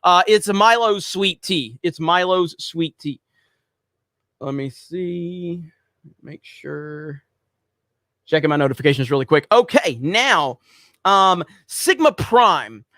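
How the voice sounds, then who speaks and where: A man's voice: sits high, animated, takes it slowly, pushed and bright, no echo, clean studio sound. Rambling man hosting a livestream. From United States. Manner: loose and rambling, many fillers, reads viewer messages aloud. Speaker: livestream host reading super chats. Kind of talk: casual livestream chat.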